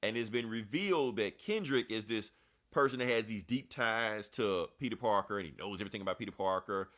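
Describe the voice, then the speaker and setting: A man's voice: fairly low pitch, a little fast, fairly bright tone. A man hosting a podcast, recapping a comic book in a loose, profane, chatty way. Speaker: podcast host. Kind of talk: casual comic book review chat.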